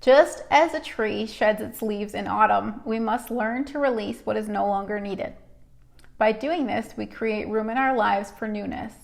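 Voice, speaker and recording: A woman's voice: medium pitch, unhurried, creaky. A woman hosting a live stream, giving a chatty, emotional card reading, teary and sniffly. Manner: emotional, tearful and laughing, chatty.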